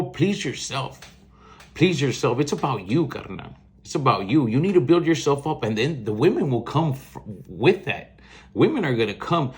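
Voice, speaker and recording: This young man, a podcast host with a South Texas accent, tells a story in loose, slangy speech sprinkled with Spanish words. His pitch is medium.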